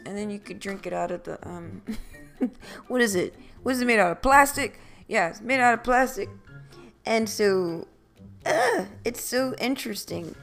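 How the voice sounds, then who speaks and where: A woman's voice: fairly high pitch, gravelly. A woman from Philadelphia hosting her own podcast, rambling casually, playfully repeating phrases, her voice a little scratchy at times. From Philadelphia, USA. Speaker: podcast host. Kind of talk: casual solo podcast monologue.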